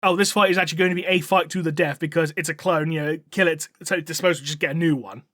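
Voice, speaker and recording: Male podcast co-host, high pitch, loose storytelling, dry recording. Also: quick pace, fairly bright tone, no echo. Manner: laughing, swearing, many fillers. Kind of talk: casual retelling of a novel.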